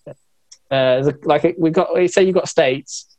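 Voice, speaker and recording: A man's voice: a little high, unhurried, a little mellow, no room sound. A young man from Yorkshire with a northern English accent, chatting casually and hesitantly, full of fillers and small laughs. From England, Yorkshire. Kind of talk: casual chat.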